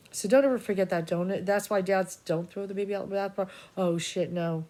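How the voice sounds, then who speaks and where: Brief: woman, Boston accent, low-pitched, intuitive reader, raw emotional off-the-cuff monologue, curses. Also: steady tone, mellow. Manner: emotional, halting, swears freely. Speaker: spiritual reader. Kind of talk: rambling spiritual monologue.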